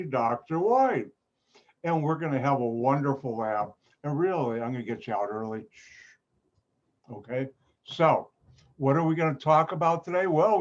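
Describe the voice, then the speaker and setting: A male chemistry teacher with a Chicago accent, slightly higher-pitched than most men. He lectures over a video call in a playful, joking way, and his voice yelps upward on sudden exclamations. The audio is a bit muffled and dull. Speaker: chemistry lab instructor. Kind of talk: online class lecture.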